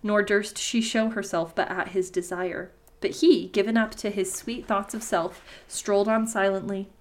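A woman's voice: medium pitch, fairly even intonation, normal speed. Woman reading an old myth aloud. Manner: reads old-fashioned prose aloud, breaking off for profane asides. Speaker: podcast host reading folktales. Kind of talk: casual storytelling podcast.

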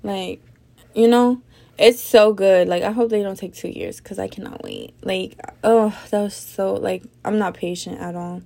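A young woman chatting alone on her podcast, her voice gravelly with fry. She rambles loosely, swears freely and sounds drowsy between yawns. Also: medium pitch, steady tone, unhurried, dark tone. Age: young adult. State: sleepy, yawning. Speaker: podcast host. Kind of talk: casual solo podcast chat.

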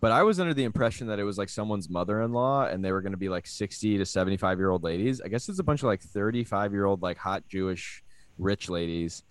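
A man's voice: fairly low pitch, lively intonation, fast talker, clear, resonant tone, dry recording. A man, a comedian, chatting casually with friends on a podcast, rambling and restarting his sentences. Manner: rambling, with frequent restarts and laughter. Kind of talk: casual banter.

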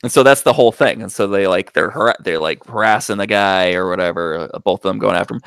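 A man co-hosting a podcast, casually recapping a film in a rambling, profane way, jumping into loud acted-out quotes. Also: sits low, fast, vocal fry, clean tone, no echo, clean studio sound. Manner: rambling, profane, acts out quotes with big voice jumps. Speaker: podcast co-host reviewing movies. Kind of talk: casual chat.

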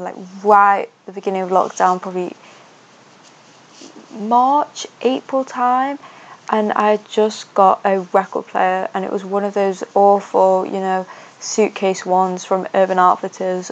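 Slow, gravelly-voiced young woman. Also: medium pitch, dull audio. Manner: chatty, hesitant, self-conscious, many fillers. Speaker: podcast host. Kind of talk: casual rambling monologue.

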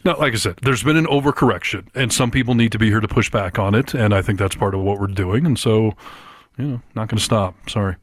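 A man's voice: fairly low pitch, fast, dry recording. A man co-hosting a podcast, making his points in an emphatic, argumentative casual chat, close to the mic. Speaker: podcast co-host.

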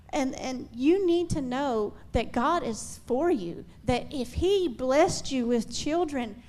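A woman's voice: high voice, darkish tone. A middle-aged woman on a faith-based talk show, speaking earnestly and encouragingly to mothers, with frequent small restarts.

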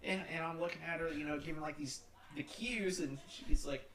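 A man's voice: a little high, fairly even intonation, brisk, fairly bright tone, a little hiss or hum. A young man co-hosting a casual podcast, telling a long story with many restarts and frequent laughter. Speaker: podcast co-host. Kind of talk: casual chat.

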